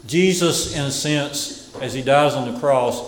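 A man preaching a sermon who repeats key phrases and lets them fall to a hush. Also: medium pitch, a little slow, reverberant, big-room sound, rough recording.

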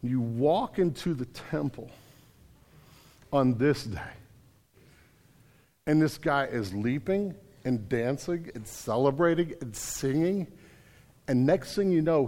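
A man's voice: mid-range voice, expressive, slow, long pauses, warm tone, big-room sound. A man, a pastor, preaching a sermon in a vivid storytelling manner, speaking straight to his listeners. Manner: vivid storytelling, addressing listeners directly as "you".

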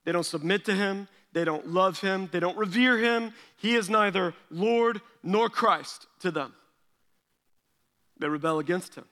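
A man preaching a sermon from a stage in an animated, conversational way. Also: high-pitched, a little slow, long reverb tail. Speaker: pastor. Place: large hall stage.

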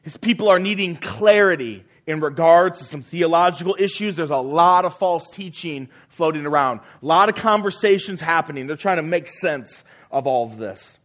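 A man's voice: a little high, animated, normal speed, hardly any pauses, a bit bright. Earnest male pastor preaching. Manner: earnest, repeats phrases for emphasis. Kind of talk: sermon.

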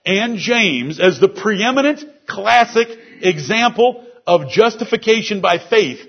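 A male preacher with a high, slightly husky voice delivers an expository sermon to his congregation. He walks through scripture word by word, explaining the grammar of each verse. The recording sounds dull and lo-fi. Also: expressive, unhurried. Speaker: pastor. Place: church service.

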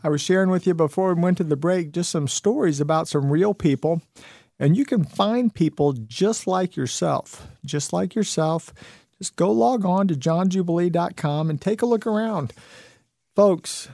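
Male radio host, folksy pitchman, slightly high, dry close sound. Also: vocal fry, warm tone, no room sound. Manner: folksy, salesy, repeats phrases, many "you know"s. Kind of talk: talk radio monologue with testimonials.

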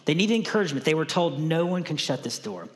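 A man's voice: on the high side, animated, quick pace, in a large hall. A man preaching a conversational sermon to a congregation, often repeating key lines for emphasis. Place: church sanctuary.

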